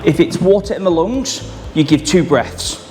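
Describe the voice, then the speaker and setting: A man's voice: high voice, animated, moderate pace, darkish tone. Instructing male first aid trainer. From Manchester, England. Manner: clipped, step-by-step instructions. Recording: reverberant, with music behind.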